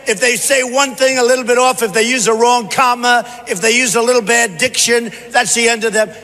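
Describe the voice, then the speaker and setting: A man's voice: very high voice, steady tone, fairly quick, sharp tone. Man, political candidate, rally speech, boastful, repetitive, long echo of a big hall. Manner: boastful, repetitive, punchy delivery. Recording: reverberant hall, faint background noise.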